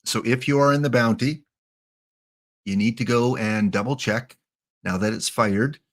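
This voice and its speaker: A man's voice: mid-range voice, a little slow. A man doing live-streamed commentary over a baseball sim, muttering to himself and talking to the players on screen as he picks them.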